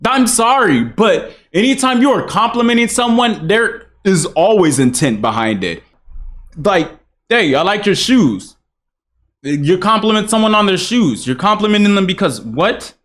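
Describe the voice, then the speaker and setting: A man's voice: high voice, very animated, normal speed, a bit bright. A young man hosting a reaction video, with blunt, rambling commentary and swearing.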